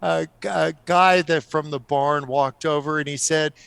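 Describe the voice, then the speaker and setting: Gravelly middle-aged man, fairly high voice, laughing storyteller, podcast guest. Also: normal speed, no room sound. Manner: animated and laughing while telling stories. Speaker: guest author.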